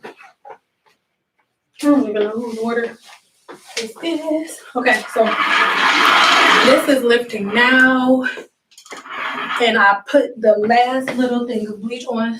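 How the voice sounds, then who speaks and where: A woman's voice: a little high, fairly even intonation, slow, pauses often, heavy background noise. Blunt woman chatting on a livestream. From Detroit, USA. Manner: blunt, straight-talking, chatting back to viewers. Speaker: hair stylist livestreaming. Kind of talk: casual livestream chat while working. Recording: echoey room, mic off at a distance.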